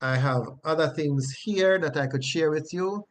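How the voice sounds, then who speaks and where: A male Bible teacher explaining grammar in a lesson, often pausing to check in with "right?". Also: on the high side, a little hiss or hum.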